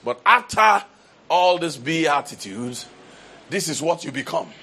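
A man preaching with a husky voice and an unhurried, deliberate pace. He works through the passage with emphatic, repeated declarations and occasional restarts. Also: fairly high pitch, animated, bright, forceful tone. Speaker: pastor. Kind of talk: sermon.

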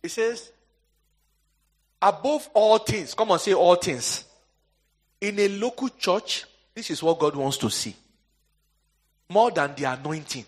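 This pastor's sermon moves from hushed asides to soaring emphasis, and he lets questions hang for the congregation to respond. He sits high in pitch, speaks expressively and a little slowly, and leaves long pauses.

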